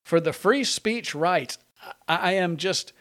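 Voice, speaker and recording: A man with a somewhat raised pitch hosts a political talk show. He talks in an animated, sarcastic way, leaning hard on his points. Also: slow. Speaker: radio talk show host. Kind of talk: opinionated political commentary.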